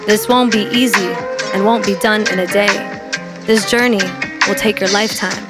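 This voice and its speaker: A woman poet performs spoken word in a slow, measured delivery. Loud guitar instrumental music plays behind her voice. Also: mid-range voice, fairly even intonation.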